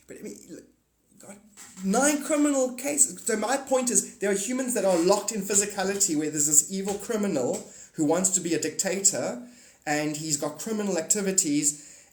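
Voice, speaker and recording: A man ranting casually on a livestream, rambling and profane, swinging from mutters to excited outbursts. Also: on the high side. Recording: echoey room.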